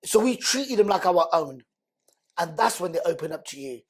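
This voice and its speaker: A man, a guest on a podcast, telling his life story in an earnest, animated, conversational way. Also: on the high side, moderate pace, breathy edge. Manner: animated, earnest, acts out quoted speech loudly.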